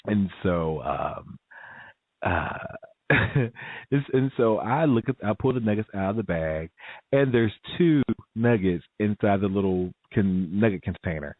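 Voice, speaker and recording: A man telling a story in a casual vlog, animated and laughing often, jumping to a higher pitch to act out what people said. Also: measured pace, no room sound. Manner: animated, laughs often, acts out quoted voices in a high pitch. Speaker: vlogger. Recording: dry, phone-like audio.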